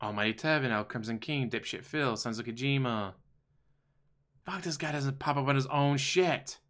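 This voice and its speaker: A man's voice: medium pitch, normal speed, a bit bright. A man hosting a casual livestream, commenting on videos in a profane, sarcastic, mocking way. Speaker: stream host.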